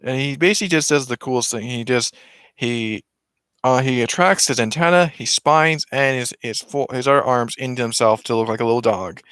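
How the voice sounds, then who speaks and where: Dude rambling thru a movie plot, keeps restarting, smooth voice, dry close sound. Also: male voice, mid-range voice, fairly quick, fairly bright tone, no room sound. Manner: rambling, many restarts and self-corrections. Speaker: vlogger. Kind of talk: casual movie retelling.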